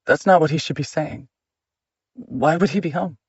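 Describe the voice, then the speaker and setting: Husky-voiced man reading an audiobook. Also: fairly high pitch, normal speed, darkish tone, dry recording, muffled recording. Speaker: audiobook narrator. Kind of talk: scripted audiobook narration.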